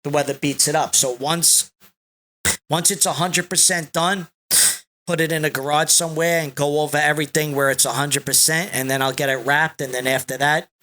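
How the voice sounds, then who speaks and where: A man speaking as a podcast guest, slow and deliberate, relaxed and rambling in casual conversation. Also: on the high side. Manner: slow and deliberate, reciting a long list of names.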